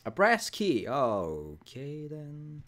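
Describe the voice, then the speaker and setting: A man's voice: a little high, wildly swooping pitch, drawn-out words, fairly bright tone, faint music behind. A man hosting a let's play, joking around and reading the on-screen text aloud. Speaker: gaming video host.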